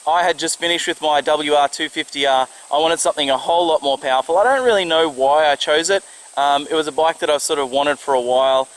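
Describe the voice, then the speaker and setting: A man's voice: fairly high pitch, fast, fairly bright tone, poor audio. A young Australian man reading out fan questions for his motorcycle vlog, laid-back, with dry joking answers. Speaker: motorcycle vlogger. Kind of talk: casual Q&A vlog.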